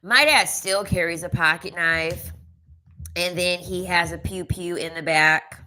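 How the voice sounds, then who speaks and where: This is a woman delivering a casual commentary rant. She talks in a sassy, emphatic way and often repeats a line for punch. Her voice is bright and forceful. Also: on the low side, unhurried, rough recording. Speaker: commentary vlogger.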